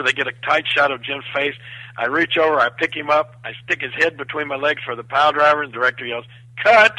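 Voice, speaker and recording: A man's voice: a little high, dry recording, low-quality recording. A man telling a story in casual talk, acting out the other people's lines. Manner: animated, acts out quoted voices. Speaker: guest storyteller.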